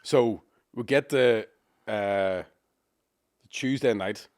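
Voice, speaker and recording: A man tells a rowdy tale on a podcast, swearing freely and bursting into loud voices for the people in his story. The recording is close and dry, with no room sound. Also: fairly low pitch, very slow, clear, resonant tone, no room sound. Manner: swears a lot, lively storytelling with shouted impressions. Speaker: comedian podcast co-host. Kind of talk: casual storytelling chat.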